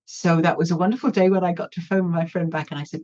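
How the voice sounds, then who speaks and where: Low-voiced woman telling a story. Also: steady tone, fast, a little mellow, muffled recording. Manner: candid, self-mocking storytelling. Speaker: interview guest. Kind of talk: storytelling in conversation.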